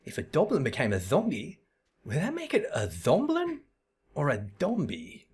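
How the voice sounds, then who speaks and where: A man's voice: on the high side, wildly swooping pitch, moderate pace, darkish tone, husky, faint music behind, pitched above the performer's own voice, exaggerated voice. A man doing a chirpy young woman. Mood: playful.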